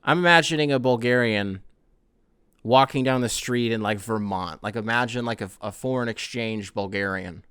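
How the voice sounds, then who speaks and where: A man's voice: mid-range voice, normal speed, clear, resonant tone, no room sound. Male host, casual and jokey, mid-range voice, dry close recording. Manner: animated, joking, often laughing, swearing. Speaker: podcast host. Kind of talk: casual podcast chat reading listener emails.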